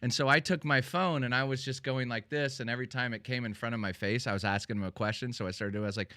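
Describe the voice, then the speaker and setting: A man's voice: medium pitch, fairly even intonation, fast, few pauses, fairly bright tone, dry recording, clean studio sound. Rambling man telling stories on a podcast. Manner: rambling anecdotes full of fillers. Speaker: podcast host. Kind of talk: casual chat, storytelling.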